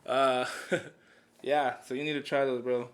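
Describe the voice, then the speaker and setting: A man's voice: medium pitch, little pitch movement, unhurried. Joking, loose-talking man. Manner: loose, joking, swears, drops in Spanish words. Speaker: podcast host. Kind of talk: casual interview chat.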